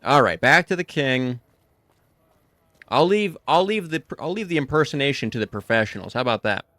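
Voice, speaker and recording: A man streams a video game and keeps up joking, casual commentary, often talking to himself. His voice is at an ordinary male pitch. The close mic sounds dry, with no room echo. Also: animated, a little fast, bright, forceful tone.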